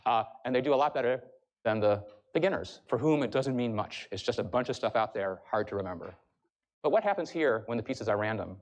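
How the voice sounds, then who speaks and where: Male professor, quick lecture delivery, brisk explainer, average pitch. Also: expressive. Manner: brisk, explanatory, addresses the audience. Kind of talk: university lecture. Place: lecture hall.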